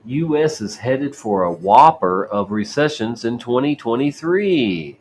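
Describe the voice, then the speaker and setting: Male host, slow drawl, reads articles aloud, trips on words, sarcastic asides. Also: mid-range voice, animated, slight background noise. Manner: stumbling, repeats and restarts words while reading. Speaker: show host. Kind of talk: casual commentary reading news articles aloud.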